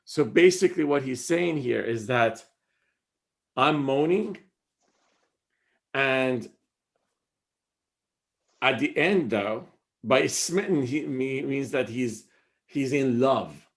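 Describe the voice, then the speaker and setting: A man's voice: mid-range voice, lively intonation, slow, vocal fry, long pauses. A man teaching a class in a casual style, reading out lines of verse and then paraphrasing them conversationally. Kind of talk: casual class explaining poetry.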